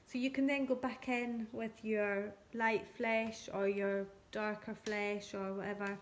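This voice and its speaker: A woman teaching colouring and shading on a live stream, talking gently step by step and thanking viewers by name. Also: medium pitch, level tone, measured pace. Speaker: craft tutor.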